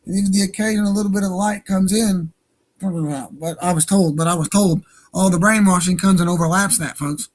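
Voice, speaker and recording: A man's voice: sits high, steady tone, fairly quick. A man hosting an online radio show, talking in a profane, rambling and heated way. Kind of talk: casual ranting monologue. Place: home studio for an online stream.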